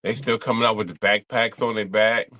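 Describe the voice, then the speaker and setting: A man's voice: fairly low pitch, fairly even intonation, fairly quick, bright, forceful tone. A man co-hosting a livestream, chatting casually in slang, laughing and stammering. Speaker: co-host of a livestream watch-along. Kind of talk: casual chat reacting to a livestream.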